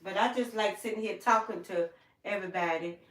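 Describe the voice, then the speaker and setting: A woman's voice: medium pitch, brisk, fairly bright tone, distant mic. An older woman hosting a casual live stream from home, rambling through stories and acting out what people told her. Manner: rambling, storytelling, acts out quoted people. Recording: roomy sound, away from the mic.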